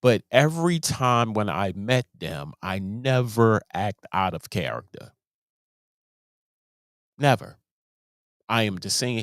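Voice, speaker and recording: A man's voice: lowish voice, lively intonation, slow pace, long pauses, dry recording, studio quality. A man hosting a show, giving casual commentary in an emphatic way, often repeating and restarting his words. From Baltimore, USA. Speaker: host.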